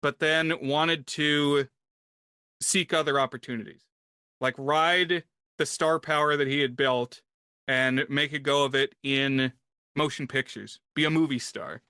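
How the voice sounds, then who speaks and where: A man co-hosting a film podcast, telling stories in a relaxed, wry way. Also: on the high side, measured pace, smooth, dry recording, studio quality. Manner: relaxed, wry storytelling, reads quotes aloud. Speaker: podcast co-host. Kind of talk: casual film podcast chat.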